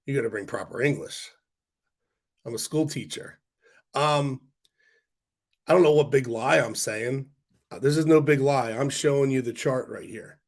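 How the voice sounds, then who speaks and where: A man ranting to his livestream viewers in a loose, rambling way, blunt and quick to swear. His voice is worn out and congested, as if he is losing it, and he is in mid-range pitch. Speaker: stock market livestream host. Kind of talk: casual livestream rant to viewers.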